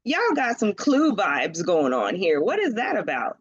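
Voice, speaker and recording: A woman's voice: medium pitch, huge pitch swings, unhurried, husky, no echo, highs cut off. A woman giving a casual tarot reading, chatty and slangy, laughing often and talking straight to the viewer. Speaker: tarot reader.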